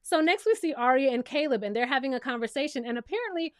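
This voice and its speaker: A woman's voice: high-pitched, expressive, fast talker, smooth, no room sound, clean studio sound. A woman giving a sassy, playful casual commentary recap of a reality show, talking straight to the viewer.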